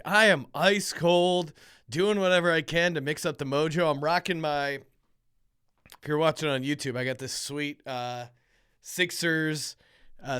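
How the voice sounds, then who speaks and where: Bright, crisp-voiced male podcast host. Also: on the high side. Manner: rambling, animated storytelling with self-deprecating asides. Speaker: sports betting podcast host. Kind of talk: casual podcast chat.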